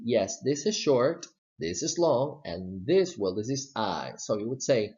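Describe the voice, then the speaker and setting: A man with a Southern US accent teaching English pronunciation, modeling words slowly and repeating them. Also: medium pitch, sing-song, a little mellow. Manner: slow, modeling words with exaggerated repetition. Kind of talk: slide-based pronunciation lesson. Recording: dull lo-fi recording.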